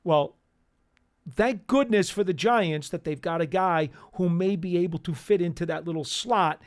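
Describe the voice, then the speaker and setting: A man's voice: high voice, no echo. A man co-hosting a casual sports talk show, conversational and agreeable. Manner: conversational, agreeable, lots of quick affirmations. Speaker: co-host. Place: studio.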